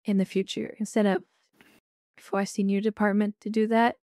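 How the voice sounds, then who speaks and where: Mellow woman with a firm tone. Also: mid-range voice, little pitch movement, normal speed, no echo, clean studio sound. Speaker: player. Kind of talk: in-character tabletop play.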